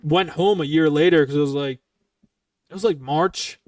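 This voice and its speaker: Man, twenties, podcast host, casual profane storytelling, slightly high voice, dry sound, a little off-mic. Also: moderate pace, a little mellow, no echo. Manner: profane, heated, rambling retelling. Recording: dry, somewhat distant from the mic.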